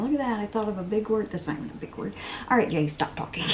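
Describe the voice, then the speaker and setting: A woman's voice: medium pitch, lively intonation, fast talker, a little hiss or hum. Chatty woman rambling through her makeup. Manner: rambling, self-mocking, breaks into playful voices and laughs. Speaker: beauty vlogger. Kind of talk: chatty get-ready-with-me vlog.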